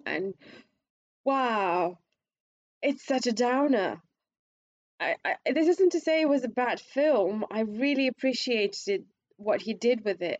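A woman with a squeaky voice talks through her opinion of a film in a loose, conversational way. She stumbles and restarts often, and her voice climbs when she presses a point. The recording is dry and a little dull. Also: dry recording. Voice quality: self-described squeaky voice. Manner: hesitant, restarts often, rises in pitch when emphatic. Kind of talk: casual film review chat.

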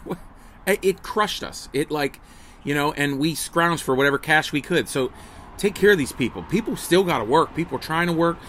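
Rambling joking dad comic, bright voice. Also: male voice, fairly high pitch, lively intonation, normal speed, a little hiss or hum. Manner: rambling, joking, lots of restarts and asides. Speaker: comedian hosting a daily livestream. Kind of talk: casual chat to viewers. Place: outdoors at a table beside a house. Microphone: phone on camera.

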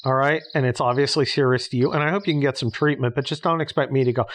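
Speaking fairly fast with hardly a pause, this podcast host has a fairly high, lively voice. His casual monologue is a profane, sarcastic, blunt rant full of restarted sentences.

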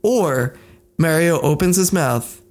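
A man's voice: fairly high pitch, animated, slow. A man co-hosting a podcast, sarcastic and teasing in casual banter. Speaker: podcast co-host.

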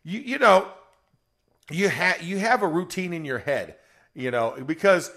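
A middle-aged man, a former football player, telling a story on a podcast in a lively way, acting out quotes and laughing. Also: sits high, measured pace, vocal fry. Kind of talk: animated storytelling.

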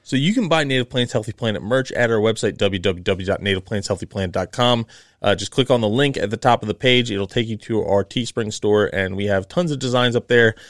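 Low-voiced man, casual podcast co-host. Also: no room sound, studio quality. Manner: relaxed, halting storyteller with many fillers. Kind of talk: casual chat.

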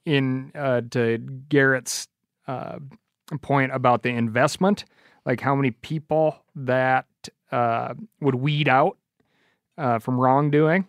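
A man's voice: mid-range voice, steady tone, slow pace, smooth, no echo, studio quality. A man in casual conversation, passing along what someone told him and bringing others in. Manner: relays quotes, hands the floor to others.

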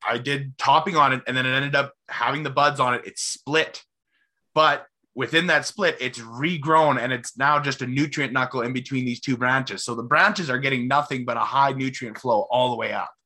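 A man's voice: mid-range voice, steady tone, normal speed, pushed and bright. A man hosting a casual interview, asking curious questions and sharing his own thoughtful observations. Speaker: podcast host.

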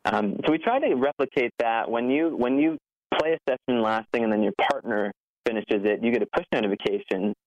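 A man's voice: medium pitch, fairly quick, no echo. A man, a guest founder, talking earnestly in an interview with many "like" fillers and a nervous laugh. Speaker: podcast guest, app founder. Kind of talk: conversational interview. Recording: dull, muffled lo-fi sound.

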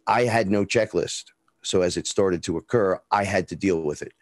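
A man's voice: low-pitched, moderate pace, no room sound. A man with a Bronx accent, a guest in an interview, telling a rambling story bluntly and with swearing, acting out what people said. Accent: New York (Bronx). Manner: rambling, blunt and profane, acts out dialogue.

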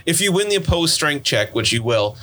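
A man's voice: a little high, big pitch swings, fairly quick, sharp tone. A man running a tabletop game as game master, telling the scene with a laugh and a playful manner. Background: background music.

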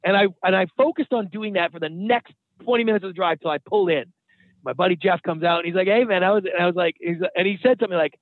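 A man, a guest and TV producer, telling stories in a casual, animated interview way and swearing now and then. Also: sits high, quick pace, dry recording. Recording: tinny phone-like line, dry.

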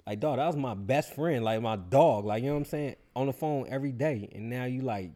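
A man chatting casually, telling a personal story in relaxed slang and acting out other people's voices. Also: mid-range voice, fairly quick. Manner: laid-back, slangy storytelling with animated quoted voices. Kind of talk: casual chat.

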